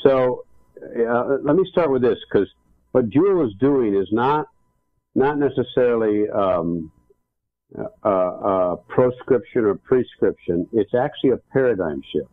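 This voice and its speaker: A man with a mid-range voice, a guest author and speaker, tells a story emphatically in a casual interview. He sounds animated and speaks at a measured pace. There's no echo, but the audio comes through a tinny phone line.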